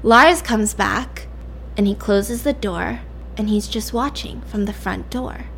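A woman casually telling a made-up thriller story, animated and chatty, full of "like"s. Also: medium pitch, slow pace, gravelly, a little hiss or hum. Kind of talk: casual spoken fiction storytelling.

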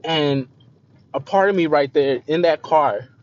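A young man telling a personal story in a confessional way, repeating himself and often trailing off softly, on a dull lo-fi recording. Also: a little high, measured pace. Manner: emotional, repeats phrases, voice trails off quieter. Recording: slightly dull lo-fi recording with faint noise.

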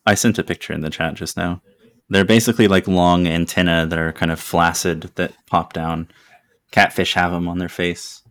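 A man with a very low voice narrates a tabletop game as its game master. He describes creatures in a laid-back, unhurried way and laughs often. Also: fairly even intonation, fairly bright tone.

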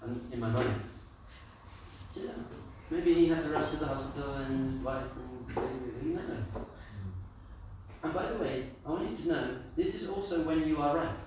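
A man teaching a lively Torah class as a rabbi, telling stories and acting out the voices in them. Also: fairly high pitch, moderate pace. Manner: animated storyteller, acts out voices, laughs with listeners. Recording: echoey room, far from mic, noisy.

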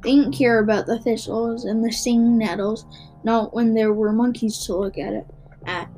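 A woman's voice: on the high side, moderate pace, soft background music, poor audio. Woman reading a children's story aloud. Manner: expressive, with small stumbles and restarts. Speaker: narrator.

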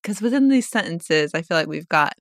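A young woman co-hosting a podcast, discussing a book casually, thinking out loud and reading passages aloud. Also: lowish voice, expressive, fairly quick, no echo, studio quality. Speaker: podcast co-host.

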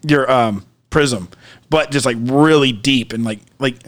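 A man in casual conversation, telling a long story with animated shouts and acted-out voices of the people in it. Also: mid-range voice, unhurried. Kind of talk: casual podcast chat.

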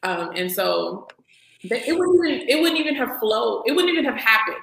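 A woman's voice: fairly high pitch, normal speed, vocal fry. A woman, a podcast guest, chatting casually and telling stories expressively. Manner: expressive, animated storytelling. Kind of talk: casual chat. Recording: echoey room.

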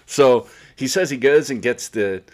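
A man's voice: medium pitch, measured pace, darkish tone. A man co-hosting a casual sports chat, swearing freely and telling stories with laughter. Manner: profane, storytelling, laughs often. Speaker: podcast co-host.

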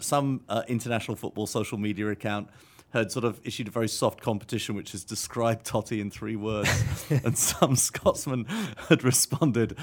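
A man co-hosting a casual podcast chat, dry, joking and chatty. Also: on the low side. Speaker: podcast co-host.

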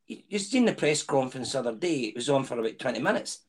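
A man's voice: mid-range voice, sing-song, quick pace, slightly rough. A Scottish man chatting on a football podcast, making his points with emphatic anecdotes. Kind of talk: casual chat.

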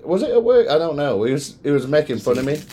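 Joking British man, lively voice. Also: fairly high pitch, fast, crowd noise. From Britain. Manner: joking, laughs often. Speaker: podcast host. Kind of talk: casual podcast banter.

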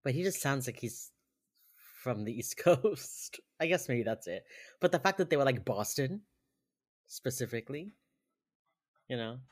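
Guy on a podcast, chill recap of an episode, laughs a lot, mid pitch. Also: expressive, a little slow, pauses often. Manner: laid-back, chuckling episode recap. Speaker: podcast co-host. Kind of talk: casual chat.

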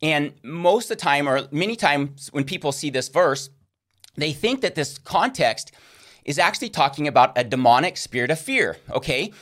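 A man's voice: fairly high pitch, animated, normal speed, a bit bright. A man teaching a recorded Christian course lesson, earnest and checking in with listeners with a frequent "okay?".

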